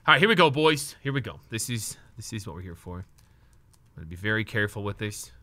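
A young man live streaming as he opens trading card packs, excitable and nervous, talking to his chat and swearing now and then. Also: on the low side, fast talker, no room sound.

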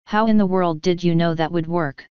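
A woman's voice: lowish voice, steady tone, normal speed, clean tone, dry recording, natural voice. A woman voicing a folksy, down-to-earth female farm pony who drops her g's. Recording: dull lo-fi dry recording.

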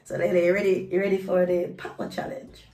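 A woman's voice: lowish voice, little pitch movement, fast talker, warm tone, distant mic. A woman, a vlog host and mother, chatting at home in a playful, teasing, laughing way. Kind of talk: casual home vlog chat. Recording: echoey room.

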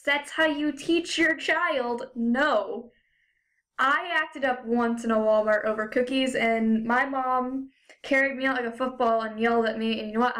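A young woman with a high voice delivers a sarcastic, profanity-laced rant to her camera. She talks casually, padding her sentences with "you know" and "like.". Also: fairly bright tone. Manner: frequent fillers like "you know" and "like". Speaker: vlogger. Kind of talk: ranting casual vlog.

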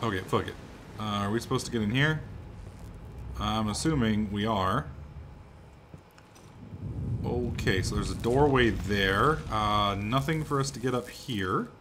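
A young man giving sarcastic, profane let's play commentary, swinging between muttering and excited shouting. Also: fairly low pitch, a little slow, pauses often, background noise. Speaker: gaming commentator.

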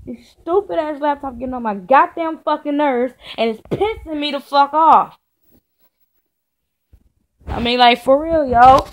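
A young woman vlogger rants furiously into the camera in front of her from her home studio, swearing constantly in an angry, casual vent. Her high voice moves a little slowly with long pauses, and she keeps circling back to the same complaint in a profane, repetitive way.

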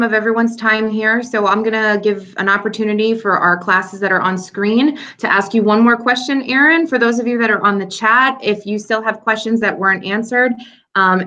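Upbeat female moderator, crisp bright tone, video-call Q&A. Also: medium pitch, muffled recording. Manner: upbeat, reads questions from the chat. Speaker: moderator of a virtual classroom. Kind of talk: moderating a live Q&A.

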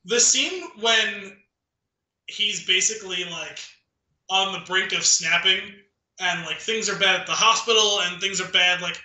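Casual male podcast co-host, high piercing voice, sits back from the mic in a roomy space. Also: a little slow, far from the mic. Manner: animated, acts out movie lines, laughs often. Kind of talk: casual movie discussion.

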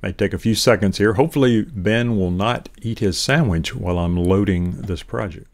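This presenter has a fairly low voice and a moderate pace as he casually demos a conference audio system. His delivery is chatty, with fillers and false starts, and the sound comes through a ceiling beamforming array mic.

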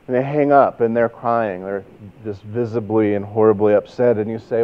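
Conversational preacher on a tinny line. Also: male voice, on the low side, steady tone, moderate pace. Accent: Texan. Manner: conversational storytelling, rhetorical questions. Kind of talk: sermon. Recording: tinny phone-like sound.

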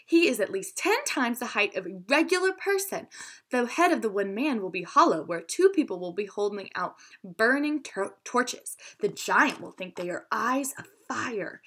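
A woman voicing a wise, determined clockmaker who calmly explains her plan in a read-aloud story. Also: fairly high pitch, slightly rough, full character voice.

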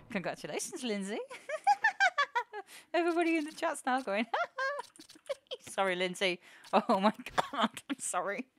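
A young woman chats to her viewers while she plays, breaking into giggles and curses. Her voice sits a touch high and swoops all over the place. She takes her time with the words. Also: sing-song, slow, pauses often, a bit bright. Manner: giggly, swears a lot, talks to chat. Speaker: streamer. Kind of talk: live-streamed gameplay chatter.

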